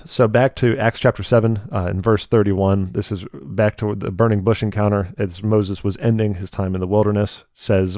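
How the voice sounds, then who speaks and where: Low-voiced man teaching casually. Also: moderate pace, hardly any pauses, no room sound, studio quality. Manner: conversational, animated retelling with voiced asides. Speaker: preacher.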